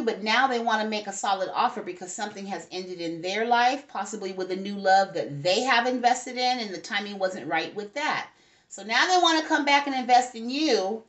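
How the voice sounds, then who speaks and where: A woman giving a casual tarot reading to her viewers, chatty and asking "okay?" over and over. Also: mid-range voice. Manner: chatty, talks to spirits and viewers, frequent "okay?". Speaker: tarot reader.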